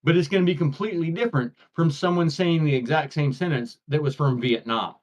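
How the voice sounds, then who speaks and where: A man's voice: fairly high pitch, fairly quick. An American man co-hosting a livestream in casual chat, rambling with lots of restarts and filler words. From United States. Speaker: co-host of a blacksmithing livestream. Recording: dull lo-fi livestream audio.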